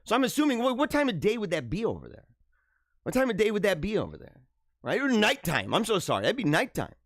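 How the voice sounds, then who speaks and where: A man hosting a live online show, talking in a high-ish, bouncy voice that swings up and down. He chats loosely and laughs a lot, calling people dude and man. The sound is close and dry, with no room behind it. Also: fast talker, dry recording. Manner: animated, laughing, slangy ("dude", "bro", "man"). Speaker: livestream show host. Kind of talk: casual live-show chat reading viewer comments.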